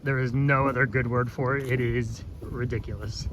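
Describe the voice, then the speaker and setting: A man's voice: mid-range voice, steady tone, brisk, hardly any pauses, noisy background. Playful man cooing at goats. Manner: playful, chatty, coos baby talk at goats and laughs often. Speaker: farmer and vlogger. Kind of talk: casual vlog chat with farm animals. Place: in a goat barn.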